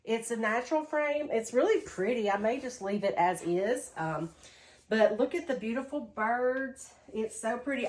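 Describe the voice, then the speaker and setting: Tired chatty woman, high voice. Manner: chatty, says "y'all", many "um"s. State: tired, low energy after illness. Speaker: thrift reseller vlogger. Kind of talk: casual haul vlog.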